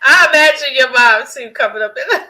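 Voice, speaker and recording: A woman's voice: sits high, a little fast, pushed and bright, poor audio. A middle-aged woman telling a frank, stern story in a casual podcast chat, with plenty of fillers.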